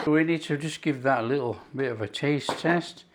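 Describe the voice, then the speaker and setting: A middle-aged man with a Yorkshire accent hosting a casual cooking video, enthusiastic and unhurried, praising the food as he goes. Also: mid-range voice, a little hiss or hum. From Yorkshire, England. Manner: enthusiastic, unhurried, calls things superb. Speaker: cooking channel host.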